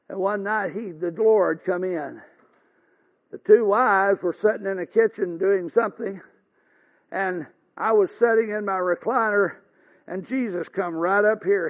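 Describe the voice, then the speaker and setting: An older man preaching a revival sermon as pastor, folksy and earnest, building to fervent exhortations. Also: sits high. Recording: dull lo-fi recording.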